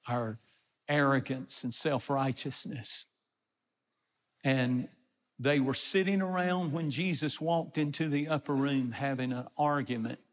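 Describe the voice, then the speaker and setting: A man's voice: mid-range voice, long reverb tail. A man preaching a sermon, retelling scripture and explaining it in plain everyday words. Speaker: pastor.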